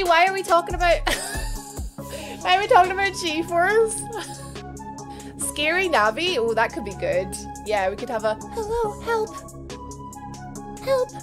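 A woman's voice: high voice, lively intonation, normal speed, pauses often, music in the background. A young woman streamer chatting casually and giggling as she greets her viewers by name. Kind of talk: casual live-stream chat.

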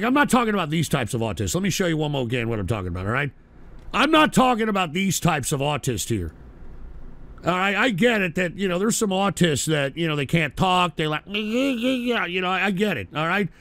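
A man's voice: high voice, fairly bright tone. A middle-aged man hosting a call-in radio show, ranting crudely and abrasively at callers.

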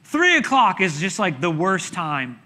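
Male pastor, high-pitched and bright, preaching with dramatic shouts and hushes. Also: a little slow. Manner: dramatic, animated storytelling with sudden shouts and hushed asides. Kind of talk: sermon.

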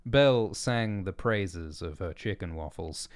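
A man reading his own story aloud as narrator, in measured, descriptive narration. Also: sits low, expressive, clean tone, no echo. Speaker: author and narrator.

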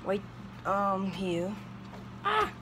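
A woman talks slowly and unhurriedly into a handheld phone while out on a walk, rambling from one thing to the next. She drops in goofy sound effects and little singsong noises as she goes. Clear outdoor ambience and noise run behind her. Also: mid-range voice, very animated. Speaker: vlogger. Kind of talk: casual walking vlog. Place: outdoors on a walk through town. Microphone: handheld phone camera.

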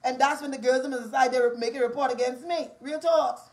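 A woman's voice: high-pitched, steady tone, quick pace, a little mellow, a little hiss or hum. A woman with a Bahamian accent in an angry, profane ranting monologue, confrontational and repetitive.

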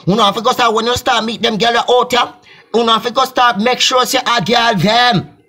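A man with a Jamaican accent ranting loudly in a mocking reaction video, shouting and mimicking others. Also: extremely high pitch, fairly even intonation, a little fast, soft background music. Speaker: video commentator.

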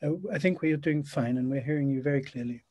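A man's voice: mid-range voice, fairly even intonation, quick pace, dark tone, muffled recording. A man chairing an academic seminar, introducing the speaker with hesitant fillers.

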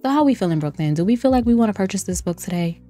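A woman's voice: medium pitch, animated, very fast, warm tone. Chatty woman laughing through game commentary. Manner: chatty and playful, laughs often, talks to viewers as "y'all". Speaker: gameplay streamer. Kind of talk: casual let's-play commentary. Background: faint lo-fi music.

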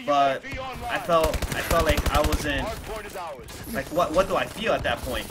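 A man's voice: on the high side, unhurried. Emotional young man telling a story. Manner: casual, emotional retelling with swearing and repeated fillers. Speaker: gaming YouTuber.

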